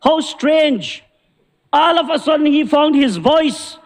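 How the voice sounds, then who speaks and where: A man's voice: extremely high pitch, slow pace. A man with a Belizean accent, a member of parliament giving an indignant, combative debate speech. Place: parliament chamber. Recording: long reverb of a large chamber.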